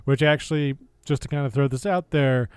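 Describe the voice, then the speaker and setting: An American man streaming casual political commentary, sarcastic and laughing often, with halting speech full of fillers and restarts. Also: medium pitch, clear, resonant tone, no echo. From United States.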